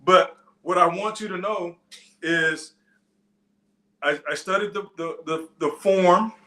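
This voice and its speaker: A man's voice: sits high, slow, pushed and bright, echoey room. A man preaching a sermon in a loose, conversational teaching style, with frequent restarts and side stories. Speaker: pastor. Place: church.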